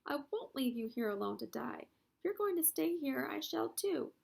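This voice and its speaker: A woman's voice: high-pitched, big pitch swings, moderate pace, gravelly, darkish tone, voice pushed up, exaggerated voice. A woman voicing an anxious young male pig, earnest and pleading, in a storybook reading. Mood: desperate.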